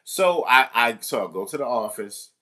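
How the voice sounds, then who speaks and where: A man's voice: mid-range voice, animated, normal speed, sharp tone. A man who works as a substitute teacher, telling a rambling, exasperated and joking story with mild cursing. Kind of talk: casual storytelling to camera.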